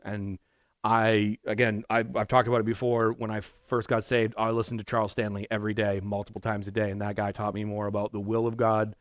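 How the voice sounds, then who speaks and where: A man's voice: lowish voice, little pitch movement, a little fast, dry recording. A male pastor giving a conversational, verse-by-verse sermon in a church, talking loosely with restarts and asides. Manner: casual and rambling, with many restarts and asides. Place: church sanctuary.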